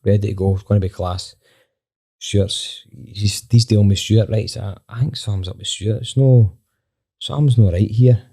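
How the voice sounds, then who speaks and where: A Scottish man, a band member on a podcast, telling a lively anecdote with plenty of swearing and acted-out dialogue. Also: on the low side, moderate pace, gravelly, slightly rough. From Scotland. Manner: animated, swears freely, acts out quoted dialogue. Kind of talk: casual storytelling anecdote.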